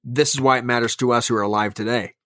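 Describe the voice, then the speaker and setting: A man's voice: medium pitch, fairly even intonation, fast talker, fairly bright tone, dry recording. A man who is a pastor, talking earnestly and emphatically in a podcast conversation.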